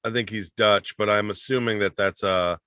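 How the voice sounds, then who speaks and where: A man on a comedy podcast with a bright, forward voice, recorded close and dry. He asks questions and tosses in quick, jokey quips. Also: fairly low pitch, fairly even intonation, clean tone, no room sound. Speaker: podcast co-host. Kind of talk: casual comedy podcast chat.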